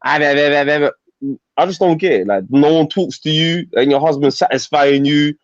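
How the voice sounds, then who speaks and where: Fast-talking Somali-born man, muffled line. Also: fairly high pitch, no echo. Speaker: panel guest. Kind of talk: casual panel chat. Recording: muffled, lo-fi call audio.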